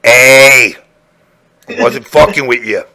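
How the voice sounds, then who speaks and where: A man's voice: mid-range voice, slow pace, sharp tone, voice pushed down. A man voicing his own crude, bossy stomach. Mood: insistent. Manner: blunt, crude, threatening. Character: grumbling male talking stomach, bossy.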